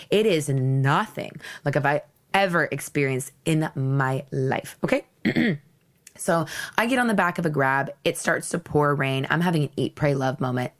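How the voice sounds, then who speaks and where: A woman's voice: low-pitched, normal speed. A young woman hosting a podcast, telling a personal travel story in a blunt, theatrical, candid way with frequent laughs. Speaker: podcast host.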